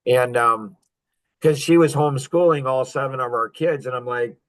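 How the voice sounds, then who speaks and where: A man in his fifties spins stories for a podcast, boastful and joking. He laughs often between his lines, and his voice sits at a middle pitch. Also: moderate pace. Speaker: podcast guest. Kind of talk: casual storytelling.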